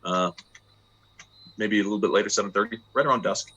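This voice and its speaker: A man's voice: on the low side, fast, bright, forceful tone, husky. A man running a tabletop game as game master, narrating and explaining in a loose, chatty way with many fillers and restarts.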